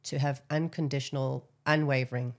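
A woman, an actress as guest, talking openly in an interview, often pausing and repeating words. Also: rumbling low, steady tone. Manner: halting, repeats words, breaks into song snippets. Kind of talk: candid interview chat.

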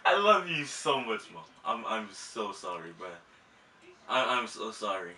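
Young man, prank vlogger, apologetic and giggly, bright voice, roomy distant sound. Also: lowish voice, big pitch swings, measured pace. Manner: apologetic, laughing, repeating himself. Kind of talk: casual prank vlog. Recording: roomy home audio, mic at a distance.

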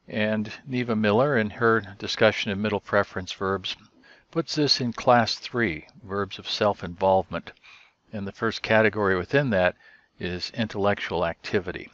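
Low-voiced man teaching, muffled audio. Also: fairly bright tone, dry recording. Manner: measured, explanatory, with frequent "uh" and "um". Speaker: Greek teacher. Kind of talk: explanatory lecture.

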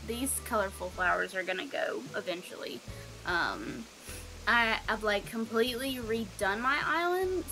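A woman's voice: fairly high pitch, pushed and bright. A young woman from Alabama with a Southern accent, chatting casually with her livestream viewers, full of ums and likes. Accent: Southern American (Alabama). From Alabama, USA. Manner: chatty, reads chat aloud, many ums and likes. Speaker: streamer. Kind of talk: casual gameplay livestream chat.

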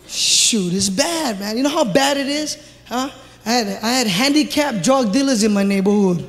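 High-voiced comedian with Hawaii Pidgin accent. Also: male voice, normal speed. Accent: Hawaii Pidgin-inflected English. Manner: animated, shouting punchlines. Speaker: stand-up comedian. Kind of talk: live stand-up comedy. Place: large theater. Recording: live theater hall with crowd.

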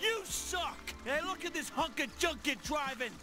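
Very high, hot-tempered alien motorist, cursing nonstop. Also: male voice, lively intonation, moderate pace. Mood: furious. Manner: yelling insults. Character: foul-mouthed furious male alien driver. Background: game music.

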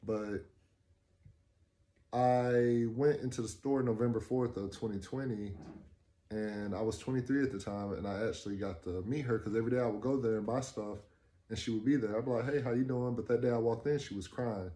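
A young man in his twenties with a mellow, relaxed tone, spinning a casual personal story. He acts out the dialogue he quotes and gets more and more excited as he goes. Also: mid-range voice, brisk. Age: 20s. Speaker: vlogger.

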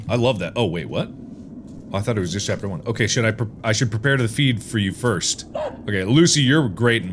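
A young man commentating a horror game as the video's host, yelping and mocking himself as he plays. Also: mid-range voice. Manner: excitable, yelping, self-mocking. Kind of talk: let's play commentary.

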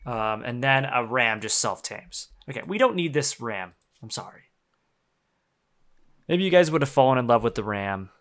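A man's voice: medium pitch, moderate pace. A young man casually commenting on his own gameplay, swearing freely, laughing often and getting worked up. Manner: profane, excitable, laughs often. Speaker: game streamer.

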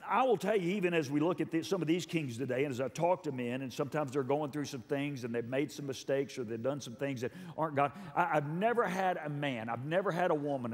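A middle-aged pastor delivers an earnest, emphatic sermon, echoing phrases for impact as his fairly high voice moves at normal speed. The large church hall gives the recording a long reverb.

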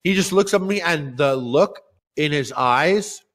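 A young man co-hosting a podcast, telling crude stories and ranting loudly with lots of swearing. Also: fairly high pitch, lively intonation, measured pace. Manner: loud, rowdy, profane rants and storytelling. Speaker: podcast co-host. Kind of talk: crude casual podcast banter.

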